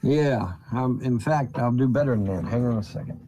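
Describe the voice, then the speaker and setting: A man's voice: mid-range voice, normal speed, mellow, slight background noise. A man in a rambling, indignant monologue to camera, swearing freely and often repeating himself and starting over. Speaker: YouTuber. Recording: dull lo-fi recording.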